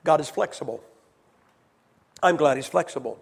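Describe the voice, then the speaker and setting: A high-pitched man preaches with swings from hushed, low delivery to loud, shouted emphasis. He acts out the voices he quotes with growing force, speaking directly to his congregation. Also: normal speed, vocal fry, husky. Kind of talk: sermon.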